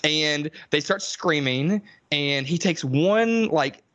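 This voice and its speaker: A man co-hosting a podcast, recapping a film in casual chat, animated and sweary, acting out the characters in high voices. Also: slow, dull audio. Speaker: podcast co-host.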